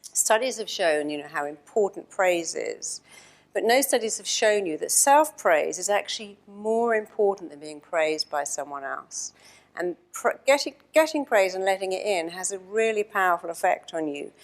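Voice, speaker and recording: A woman's voice: medium pitch, expressive, moderate pace. A woman giving a motivational talk, telling stories and acting out the people in them. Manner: storytelling, acts out quoted voices. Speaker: speaker.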